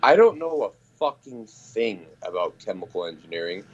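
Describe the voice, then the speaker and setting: A man's voice: lowish voice, very animated, normal speed. Man host, casual ranting storyteller, sarcastic, profane, dull lo-fi audio. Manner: profane, sarcastic storytelling, mocking quotes in raised voice. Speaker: podcast host. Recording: dull lo-fi sound.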